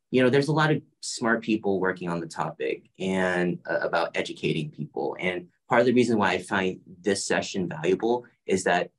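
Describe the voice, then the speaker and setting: A man moderating a panel on a video call as a medical professional, reflective and halting, with frequent restarts. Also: sits low, poor audio.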